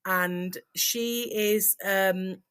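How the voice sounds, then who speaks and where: A woman's voice: mid-range voice, steady tone, drawn-out words, fairly bright tone, clean tone. A woman from Sheffield with a broad Yorkshire accent, chatting as a podcast guest in a friendly, self-deprecating way. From Sheffield, England. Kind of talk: casual podcast chat. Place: home.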